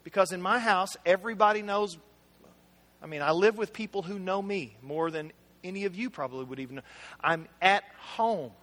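A middle-aged pastor addresses his congregation directly with a casual, story-filled sermon, recorded with hall reverb. He has a high voice with a fairly bright tone and keeps a moderate pace.

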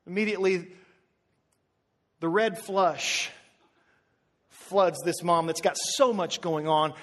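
A male pastor preaching a sermon, telling an animated story with many asides and restarts. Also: high voice, slow pace, pauses often. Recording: echoey hall with long reverb.

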